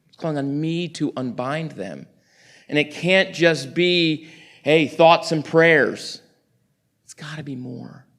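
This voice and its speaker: A middle-aged man from New York City giving a storytelling sermon, acting out conversations in quick animated bursts. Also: fairly high pitch. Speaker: guest preacher.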